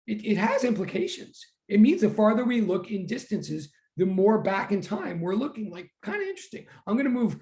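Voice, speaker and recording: Chatty man teaching physics online. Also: sits high. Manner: chatty, animated, reads chat aloud. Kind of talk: online class lecture.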